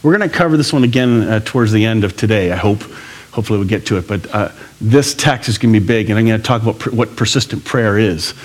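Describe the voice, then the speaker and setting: A man preaching a sermon to a church congregation, conversational and animated, with jokey asides. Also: lowish voice, quick pace. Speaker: pastor.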